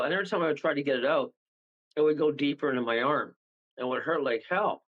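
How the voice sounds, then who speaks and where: A man guest on a radio show, telling rambling, animated stories and laughing partway through them. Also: on the high side, quick pace, highs cut off. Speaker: paranormal guest. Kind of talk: casual storytelling on a radio show.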